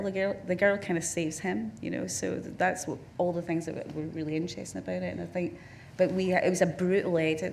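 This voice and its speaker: A woman's voice: lowish voice, gravelly, a little mellow, a little hiss or hum. Glaswegian woman telling rambling stories. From Scotland. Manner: rambling storyteller, many restarts and "you know"s. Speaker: film director, interview guest. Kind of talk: on-stage career conversation, anecdotal. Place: festival talk stage with audience.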